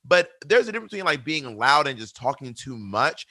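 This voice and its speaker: Loud, campy man with a bright, forceful voice. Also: medium pitch, dry recording. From Georgia, US. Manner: loud, animated, campy and quick-witted. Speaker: podcast guest, drag performer. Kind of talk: casual chat.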